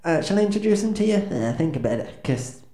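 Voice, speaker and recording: His voice is high and warm, swinging widely in pitch at a quick pace. Playing the comedic frontman of a band, he stumbles through self-deprecating stand-up patter, awkward and hesitant with lots of ums and restarts, in an echoey room with faint ambience.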